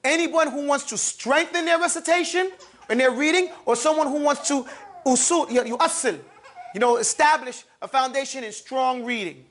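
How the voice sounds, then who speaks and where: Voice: high-pitched, moderate pace, a bit bright. An Arabic reading teacher in a live classroom, teasing the class and stressing each letter sound. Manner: emphatic, teasing, calls out letters for the class to repeat. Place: classroom with students.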